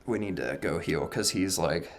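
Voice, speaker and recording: A man with a fairly low voice chats easily while playing through a game, his delivery relaxed and a bit monotone. Soft game music plays quietly behind him. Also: moderate pace. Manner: relaxed, laid-back, self-described monotone. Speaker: gaming channel host. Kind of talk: casual let's-play commentary. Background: faint game music.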